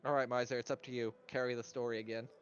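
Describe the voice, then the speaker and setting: A man's voice: mid-range voice, level tone, racing, clean tone, lo-fi sound. A man playing a tabletop game, chatting casually. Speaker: player.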